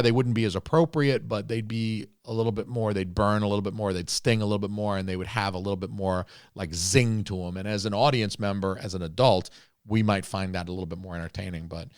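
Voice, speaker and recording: A man's voice: fairly low pitch, smooth, dry recording, clean studio sound. A man co-hosting a podcast, rambling through a casual movie review and swearing freely. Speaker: podcast co-host.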